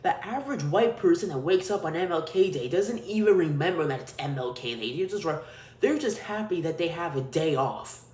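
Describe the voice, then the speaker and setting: A man's voice: fairly high pitch, expressive, fairly quick, a little mellow. A man hosting a podcast, delivering a crude, profane, ranting solo monologue. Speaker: podcast host. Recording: roomy echo.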